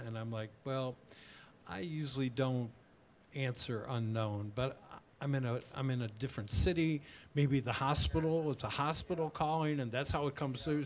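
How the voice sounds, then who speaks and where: A man's voice: mid-range voice, moderate pace. A man as a guest author, animatedly telling an anecdote at a live tavern event and slipping into quoted voices. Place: tavern event before an audience.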